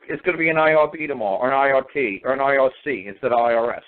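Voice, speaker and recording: A man's voice: mid-range voice, lively intonation, racing. A man speaking on a talk show, hammering his points with repeated rhetorical questions. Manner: emphatic, repetitive rhetorical questions. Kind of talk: phone talk show discussion. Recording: phone line.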